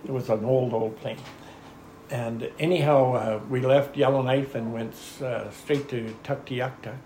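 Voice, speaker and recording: Gravelly older man telling a story. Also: mid-range voice, steady tone, unhurried, dark tone. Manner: rambling, chuckling storyteller who often says "anyhow". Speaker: interviewee. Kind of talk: oral history storytelling. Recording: echoey room with faint ambient noise.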